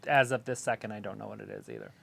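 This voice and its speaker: A woman's voice: extremely low pitch, racing, gravelly. A woman co-hosting a live stream, blurting out casual play-by-play remarks on the action. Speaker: stream co-host commenting on wrestling.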